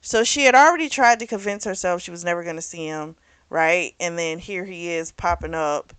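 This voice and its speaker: Chatty woman with a lowish voice. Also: moderate pace, fairly bright tone, clear, resonant tone, no echo. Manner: chatty, rambling, full of "like" and "you know"; self-correcting, loses track of names. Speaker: book club host. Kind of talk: casual book recap.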